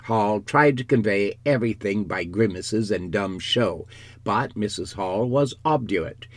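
A man narrating a classic novel in a measured, unhurried storytelling manner. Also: lowish voice, expressive, no echo. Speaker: audiobook narrator.

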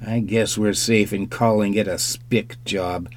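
A man's voice: on the low side, fairly even intonation, unhurried, slight background noise, lightly acted. A man reading an audiobook, voicing a blunt, growling police lieutenant who fires off questions. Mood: gruff, pressing.

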